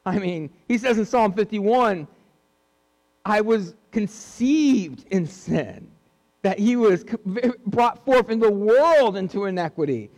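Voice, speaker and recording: A man's voice: sits high, expressive, takes it slowly, darkish tone, big-room sound. A man preaching a sermon in an earnest way, repeating key points for emphasis.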